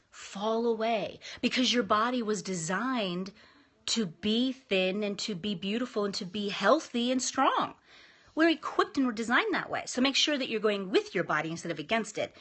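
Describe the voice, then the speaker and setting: A woman's voice: fairly high pitch, a bit bright. A woman in her thirties giving a casual, emphatic motivational talk as a vlogger, chatty and upbeat with frequent restarts.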